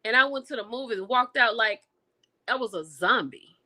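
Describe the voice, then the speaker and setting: A woman hosting a livestream, chatting casually with her viewers and reacting with lively exclamations. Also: on the high side, moderate pace. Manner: animated and expressive, with exclamations; talks to viewers directly, reading and answering chat. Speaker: livestream host reviewing TV and film.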